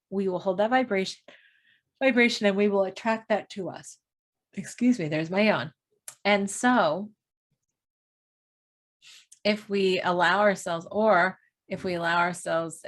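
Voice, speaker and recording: A woman giving a spiritual self-help lesson in a casual, meandering way, often adding "right?" and "you know". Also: on the low side. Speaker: spiritual teacher.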